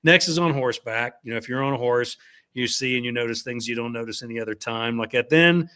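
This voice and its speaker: A man talks in a loose, rambling way, tossing in fillers and "like that" as he tells stories. His voice sits at an ordinary middle pitch. He then shifts into reading passages from his own novel aloud. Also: fast talker, sharp tone, clean tone. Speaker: guest author.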